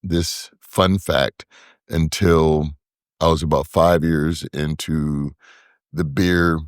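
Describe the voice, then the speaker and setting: A man with a very deep voice talks casually as a podcast guest. He often repeats a word or two while he hunts for a name. The sound is dry and close, with no room around it. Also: takes it slowly, no echo. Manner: relaxed, repeats words while searching for names. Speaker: podcast guest, brewery co-founder. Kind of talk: casual interview talk.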